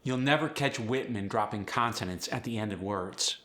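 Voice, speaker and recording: A man's voice: on the low side, moderate pace, a bit bright. A man hosting a pronunciation tutorial, explaining sounds casually and demonstrating words. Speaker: accent coach and host.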